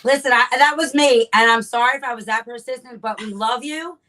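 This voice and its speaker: A bubbly woman co-hosts a casual podcast with clear enthusiasm. Her voice is bright and forward, sitting a little high, and she laughs easily between lines. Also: fairly quick. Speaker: podcast co-host.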